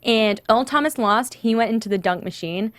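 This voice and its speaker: A woman's voice: on the high side, normal speed, dry recording. A woman from northern England with a Northern English accent, co-hosting a casual sports chat and telling stories with frequent laughter. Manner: giggly, animated storyteller. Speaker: co-host.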